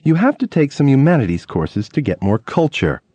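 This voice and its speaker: A man narrating a memoir audiobook in a lively storytelling way, acting out quoted lines. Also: medium pitch, normal speed, no echo. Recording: dull lo-fi audiobook recording.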